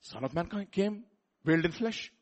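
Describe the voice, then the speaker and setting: A man with a Telugu accent preaching a sermon, repeating words and building up to loud rhetorical questions. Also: high voice, lively intonation, moderate pace. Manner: repeats words and restarts phrases.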